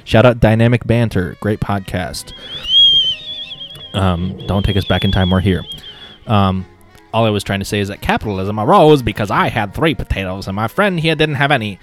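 A man's voice: lowish voice, animated, moderate pace, over music. Playful young man chatting on a podcast. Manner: goofy, playful, bursts into put-on voices. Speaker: podcast co-host. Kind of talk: casual podcast chat.

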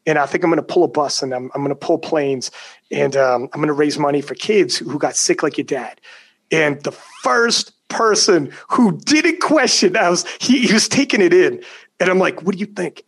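A man's voice: a little high, animated, moderate pace, fairly bright tone, slightly rough. A young adult man telling a personal story in casual chat, emphatic and profane, often acting out what others said. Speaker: guest storyteller.

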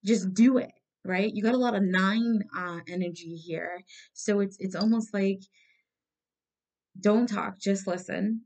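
Blunt, gravelly-voiced woman giving a tarot reading. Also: mid-range voice, unhurried, darkish tone. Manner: blunt, swears freely, emphatic repetition. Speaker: tarot reader. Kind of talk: casual spiritual reading to viewers.

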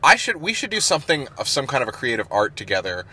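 A man's voice: mid-range voice, very animated, fast talker, bright, forceful tone, slightly rough. A man co-hosting a podcast, chatting casually and rambling with lots of fillers and laughs. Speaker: podcast co-host. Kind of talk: casual chat.

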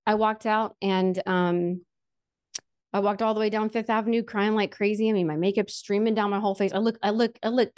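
A woman's voice: medium pitch, a little mellow. A woman sharing a personal faith story in a candid, chatty way, full of fillers like "like" and "um", earnest and emotional with touches of self-deprecating humor.

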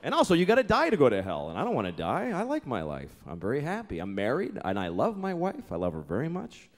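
A man's voice: mid-range voice, huge pitch swings, fast. A man doing a stand-up comedy set, telling profane, exasperated stories and acting out other people in mock voices. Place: comedy club stage before a laughing audience. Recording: live club recording with crowd laughter.

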